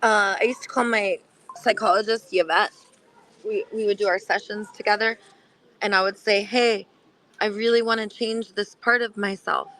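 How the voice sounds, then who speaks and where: A woman's voice: mid-range voice, steady tone, normal speed, fairly bright tone, poor audio. A woman talking earnestly in a casual heart-to-heart chat, sharing personal experience and acting out inner voices.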